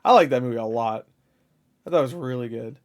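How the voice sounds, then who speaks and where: A man's voice: mid-range voice, fast, a little mellow. A man hosting a reaction video, rambling and swearing as he comments on what he watches, laughing often. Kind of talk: casual commentary over a video.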